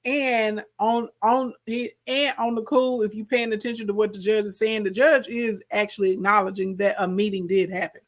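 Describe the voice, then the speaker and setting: A woman's voice: mid-range voice, moderate pace, few pauses. A woman with a Southern accent giving casual, sassy commentary on court footage, often calling the audience "baby" and "y'all". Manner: animated, sassy, repeats "baby" and "okay".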